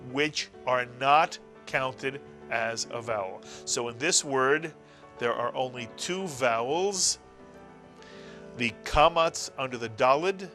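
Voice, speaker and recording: Brief: middle-aged male teacher, patient and repetitive, bright forceful voice, faint music behind. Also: mid-range voice. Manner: patient, explains slowly, repeats key words. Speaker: Hebrew teacher. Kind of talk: classroom-style language lesson.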